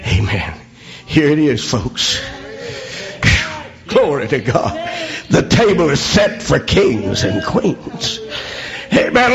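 Older man preaching, high and lively voice with wide swings, slow delivery, peppered with amens. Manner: frequent amens, swings from low talk to shouting. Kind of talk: sermon.

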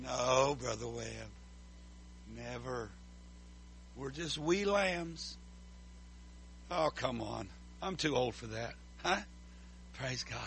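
A pastor preaches a sermon, calling out to the congregation and swinging between loud declarations and hushed asides. His mid-range voice is animated yet slow, with long pauses and a breathy edge.

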